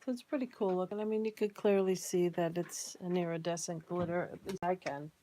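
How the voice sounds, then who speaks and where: A woman vlogging casually about her molds, excited and chatty, sometimes dropping to a near-whisper. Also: lowish voice, brisk. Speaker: crafts vlogger. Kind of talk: casual chat.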